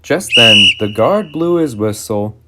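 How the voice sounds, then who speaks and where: A man narrating a storybook in an animated way, performing all the voices himself. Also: mid-range voice, measured pace. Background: music.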